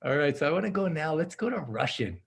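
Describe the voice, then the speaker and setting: A man's voice: fairly high pitch, sing-song, quick pace, creaky, slightly rough. A man hosting a video call with translators, talking in an effusive, upbeat way and laughing often. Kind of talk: casual video call chat.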